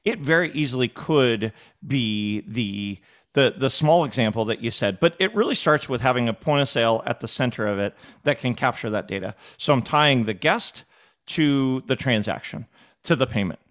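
Animated man telling stories. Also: medium pitch, moderate pace. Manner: animated storyteller, acts out dialogue, frequent word repeats. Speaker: podcast guest, restaurant technology executive. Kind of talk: casual interview talk.

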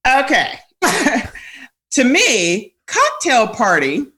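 A woman guest telling personal stories in candid conversation, animated, laughing often, with many fillers and restarts. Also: high voice, drawn-out words.

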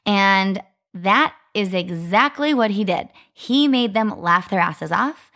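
A woman in her thirties co-hosting a podcast, talking in a chatty, casual way. She leans on "like" and keeps a story rolling with animated retellings. Her voice sits at an ordinary middle pitch. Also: takes it slowly. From Arizona, US. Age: 30s. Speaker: podcast co-host.

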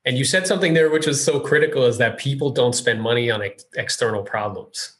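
A man's voice: mid-range voice, a little fast, fairly bright tone. Chatty man hosting an interview. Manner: eager, chatty, retells stories with lots of "like". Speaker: podcast host. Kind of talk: casual interview chat.

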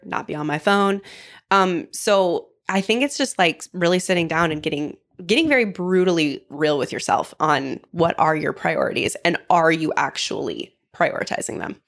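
A woman in her thirties, a podcast guest, speaking in a candid, reflective and emphatic way. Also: on the low side. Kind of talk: casual conversational interview.

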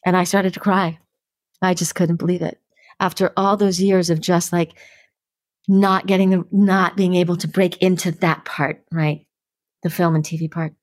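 A woman actress, a guest telling an anecdote, acting out what others said in lively voices. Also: fairly low pitch, moderate pace, no room sound, clean studio sound. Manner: lively, acts out quoted people. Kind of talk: storytelling anecdote in interview.

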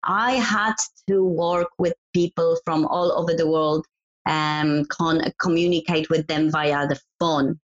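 A woman's voice: low voice, steady tone, unhurried. A woman guest in a casual interview, giving earnest advice and laughing easily. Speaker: guest, events business founder. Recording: dull lo-fi audio.

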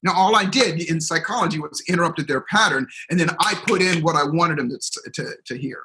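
Bright, energetic middle-aged man. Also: on the high side, fairly quick, rough recording. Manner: energetic, acts out quotes and crowd reactions. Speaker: guest speaker, seminar trainer. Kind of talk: animated storytelling in a conversation.

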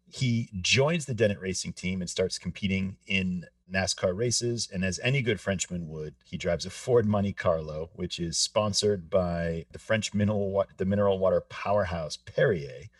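A man co-hosting a podcast, explaining things in a measured, explanatory way. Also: low-pitched, dry recording, distant mic. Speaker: podcast co-host. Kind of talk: casual podcast discussion.

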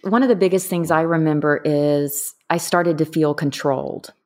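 A middle-aged woman candidly recounting her own experience in a conversation, earnest and a bit halting. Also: deep voice, fairly even intonation, a little mellow. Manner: candid, earnest, trailing off with fillers. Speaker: guest. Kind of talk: personal storytelling in conversation.

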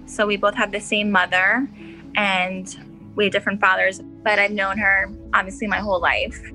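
A woman's voice: mid-range voice, flat delivery, normal speed, bright, forceful tone, faint music behind, poor audio. A woman interviewed about her half-sister, talking in a chatty way with lots of "like". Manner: chatty, heavy use of "like". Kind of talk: documentary interview.

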